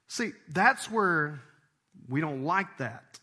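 Guy preaching, kinda husky, bright forceful tone, goes up high doing voices, animated. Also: measured pace, pauses often. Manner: animated, acts out voices and jumps in pitch. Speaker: pastor. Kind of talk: sermon.

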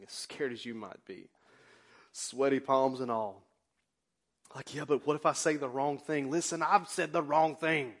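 A man preaching as pastor in a church, passionate, swinging between loud exclamations and quiet confessions. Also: mid-range voice. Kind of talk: sermon. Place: church sanctuary.

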